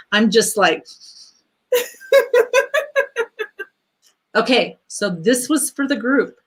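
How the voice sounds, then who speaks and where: A woman's voice: on the high side, a bit bright. A woman hosting a casual spiritual livestream, pulling cards for viewers and swearing freely. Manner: blunt, swears freely, laughs easily. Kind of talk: casual livestream chat, card reading.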